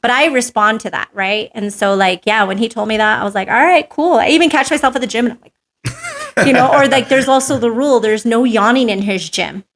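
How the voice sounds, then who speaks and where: A woman, a podcast guest telling stories in casual chat, lively and full of fillers, acting out what people said. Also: fairly high pitch, a little fast. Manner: animated storyteller, filler-heavy "like", acts out quotes.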